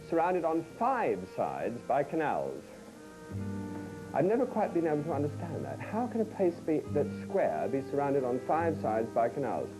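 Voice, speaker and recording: Male cooking host teasing his studio audience, lively pitch, music under. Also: poor audio. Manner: wry, teasing asides. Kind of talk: comic cooking show banter with studio audience. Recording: archival TV broadcast.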